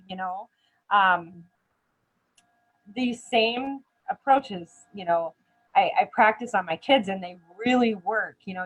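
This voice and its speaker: A woman's voice: medium pitch, a bit bright, poor audio. A middle-aged woman teaching dementia care in a live online session, earnest and chatty, checking in with "right?" often. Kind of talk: live-streamed training chat.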